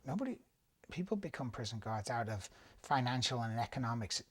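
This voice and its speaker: Animated middle-aged man telling prison stories. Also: on the high side, fast talker, music in the background. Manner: animated storyteller, fillers like 'like'. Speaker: prison guard. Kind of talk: documentary interview storytelling.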